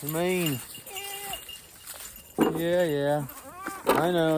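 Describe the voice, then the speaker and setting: A man, talking casually while doing farm chores and calling loudly to his animals. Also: mid-range voice, a little slow, pauses often, very noisy. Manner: calls loudly to animals, chatty and laughing. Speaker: farm vlogger. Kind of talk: casual farm vlog narration. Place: outdoors on a farm.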